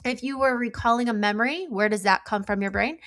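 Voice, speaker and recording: A woman's voice: a little high, fast, a bit bright. A middle-aged woman, a psychic guest on an interview show, explaining in an earnest, conversational way with frequent fillers. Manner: explanatory, earnest, uses many likes.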